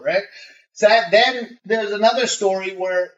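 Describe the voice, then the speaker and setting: A man's voice: high voice, measured pace, reverberant, distant mic. Brash, swearing man on a muffled remote call. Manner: swears a lot, animated and brash, acts out voices in his stories. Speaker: interview guest, rapper. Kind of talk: casual storytelling interview.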